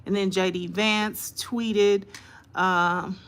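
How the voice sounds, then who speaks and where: A woman live-streaming as a host, reading news reports aloud haltingly with many fillers and greeting her viewers by name. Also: mid-range voice, steady tone, a bit bright, smooth.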